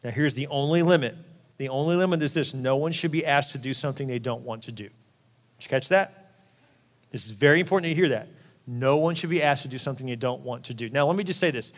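A man's voice: medium pitch, fast talker, big-room sound. A man preaching as a pastor, candid and joking, who acts out the quoted voices of the people he talks about. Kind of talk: sermon.

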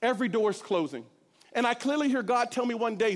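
Passionate high-voiced man in a reverberant hall. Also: fast talker. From Corpus Christi, Texas. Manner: passionate, swings from hushed to shouting. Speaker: church speaker giving testimony. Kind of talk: sermon testimony.

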